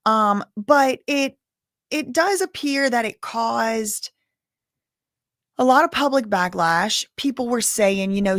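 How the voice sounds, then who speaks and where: A woman's voice: on the high side, takes it slowly, fairly bright tone, dry recording, clean studio sound. A woman in her thirties, a streamer talking casually and self-deprecatingly, rambling with many restarts. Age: 30s. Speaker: commentary streamer. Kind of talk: casual chat.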